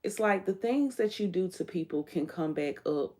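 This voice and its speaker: A woman's voice: lowish voice, animated, moderate pace, a little mellow. A woman hosting her own livestream, talking bluntly and emphatically in a candid, profane monologue, often quoting what she told others. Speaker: livestream host.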